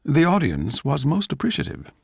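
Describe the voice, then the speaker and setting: A man giving a measured, urbane, theatrical scripted narration. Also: a little high, huge pitch swings, gravelly, breathy edge, no echo, studio quality. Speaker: actor reading as narrator.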